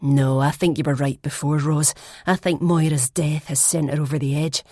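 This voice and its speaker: Brief: woman reading gossipy young woman student, low confiding tone, dry sound. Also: steady tone, moderate pace, dry recording. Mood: serious. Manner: confiding, hushed at times.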